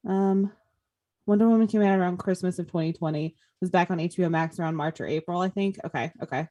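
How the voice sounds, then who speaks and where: A woman's voice: lowish voice, quick pace, mellow, no room sound. A woman co-hosting a live podcast stream, chatting casually and joking with laughter. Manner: chatty, jokey, laughs often. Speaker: podcast co-host.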